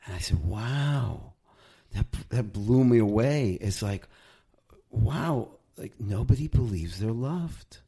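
A man's voice: lowish voice, lively intonation, takes it slowly, vocal fry, warm tone, breathy edge. A man, an author and guest, speaking thoughtfully in a reflective conversation.

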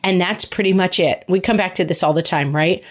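A woman's voice: fairly low pitch, brisk. A woman hosting a parenting podcast, giving frank, chatty advice and poking fun at herself. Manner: frank, chatty, self-mocking. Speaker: podcast host answering parenting questions. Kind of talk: casual advice chat.

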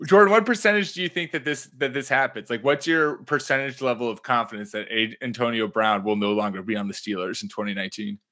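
A man hosting a casual sports podcast, jokey and animated as he leads the questions. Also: mid-range voice, fast talker, hardly any pauses. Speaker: podcast host.

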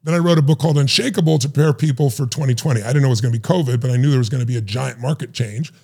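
Gravelly, husky fast-talking man. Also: mid-range voice, warm tone. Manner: acts out quotes in raised voices, emphatic. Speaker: guest, life strategist. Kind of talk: animated storytelling.

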